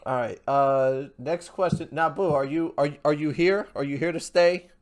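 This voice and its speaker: A man's voice: a little high, moderate pace. A man hosting a casual podcast. He reads out viewer questions from the live chat and agrees easily with his guest. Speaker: podcast host.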